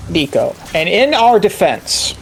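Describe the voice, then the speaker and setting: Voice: mid-range voice, big pitch swings, unhurried, gravelly, slight background noise. Player chatting with friends, mid-range voice, teasing and a bit sweary, talks over folks. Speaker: player in the group. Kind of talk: casual chat among friends.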